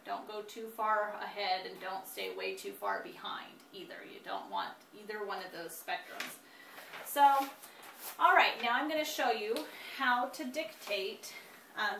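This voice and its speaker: A woman in her thirties teaching spelling, dictating words slowly and deliberately with frequent fillers. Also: medium pitch, gravelly, a bit bright. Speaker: homeschool teacher. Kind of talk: instructional demonstration. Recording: echoey room, distant mic, faint noise.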